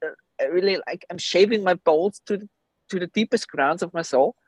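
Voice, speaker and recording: A man's voice: sits high, fairly quick, a little mellow, no echo, poor audio. A man whose first language is German, a podcast guest, who talks emphatically and bluntly and swears often. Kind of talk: candid podcast conversation.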